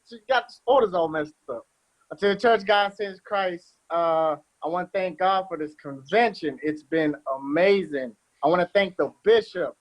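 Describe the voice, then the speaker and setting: A man with a high voice gives thanks on a church convention panel. He laughs easily and pokes fun at himself, and talks in a loose, conversational way. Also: poor audio. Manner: laughing, self-deprecating. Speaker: convention committee member.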